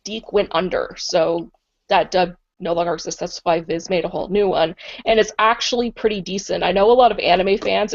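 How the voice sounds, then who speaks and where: A woman's voice: on the low side, vocal fry, a little mellow. A woman co-hosting a podcast in casual chat, chatty and enthusiastic and often saying "like". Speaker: podcast co-host. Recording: dull lo-fi podcast audio.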